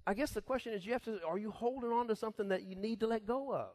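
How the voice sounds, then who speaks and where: A middle-aged man preaching a casual sermon as pastor, folksy and quick to laugh, acting out little voices. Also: high voice. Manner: laughs often, folksy and animated, acts out voices.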